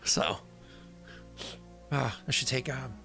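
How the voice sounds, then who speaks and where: A man's voice: medium pitch, slow, vocal fry, bright, forceful tone, faint music behind. A man running a tabletop game as game master, rambling with many fillers and frequent laughs.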